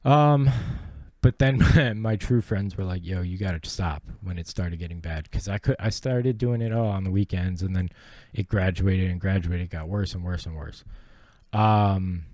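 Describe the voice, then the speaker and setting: Profane, earnest young man with a dark voice. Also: low voice, unhurried, dry recording. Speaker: podcast host. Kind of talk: personal story monologue.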